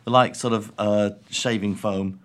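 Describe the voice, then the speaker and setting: A man from England co-hosting a podcast, dry and deadpan, talking with hesitant ums. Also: on the low side, a little slow. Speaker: podcast co-host. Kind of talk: casual comedic chat.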